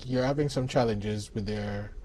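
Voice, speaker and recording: A male interviewer asking measured, hesitant questions with fillers. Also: fairly low pitch, a little mellow, slight background noise.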